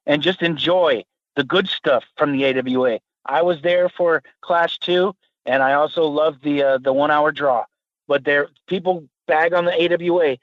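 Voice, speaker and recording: A man speaking as a guest on a podcast, enthusiastic and a bit halting. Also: a little high, dry recording, highs cut off. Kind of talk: casual podcast chat.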